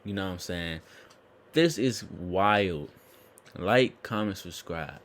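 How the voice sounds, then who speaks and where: A man's voice: low-pitched, slow. A man hosting a reaction video, giving casual, slangy, incredulous comments. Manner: animated, slangy, incredulous asides.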